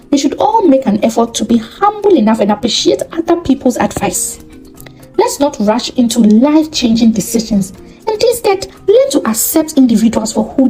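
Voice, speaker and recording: A woman telling a folktale as a channel's storyteller, in expressive scripted narration. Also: a little high, poor audio. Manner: expressive, moralizing at the end.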